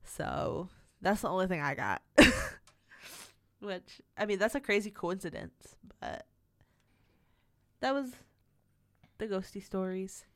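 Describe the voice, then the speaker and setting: A woman's voice: mid-range voice, lively intonation, slow, pauses often, a bit bright, dry recording, clean studio sound. A young woman co-hosting a podcast, chatting casually and rambling, with frequent laughs. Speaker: podcast co-host. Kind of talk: casual chat.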